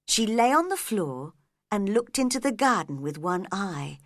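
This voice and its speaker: Woman storyteller, storybook narration, very slow pace, lively expressive pitch, dry close sound. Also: no echo.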